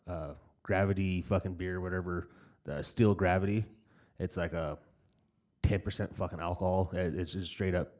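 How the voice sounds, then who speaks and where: A man's voice: low voice, a little mellow. A young man in casual podcast chat, cursing freely and rambling through stories. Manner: profane, rambling storyteller. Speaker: podcast co-host.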